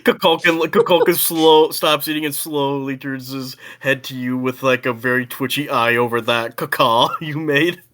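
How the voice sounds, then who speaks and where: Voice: mid-range voice, steady tone, moderate pace, hardly any pauses, bright, forceful tone. A game master narrating a tabletop role-playing game over an online call, loose and laughing with many fillers.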